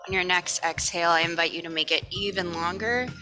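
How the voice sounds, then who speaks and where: Bright-voiced woman guiding morning yoga. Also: on the low side, a little fast, faint music behind. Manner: relaxed, chatty, soothing cues. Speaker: yoga instructor. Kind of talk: guided yoga class.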